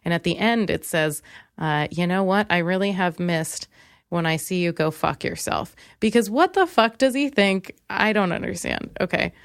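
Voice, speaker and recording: A young woman hosting a comedy podcast, telling a story with sarcastic, animated asides. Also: fairly low pitch, moderate pace, vocal fry, smooth, no room sound, clean studio sound. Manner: sarcastic, animated, quotes others in mocking voices. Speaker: podcast host.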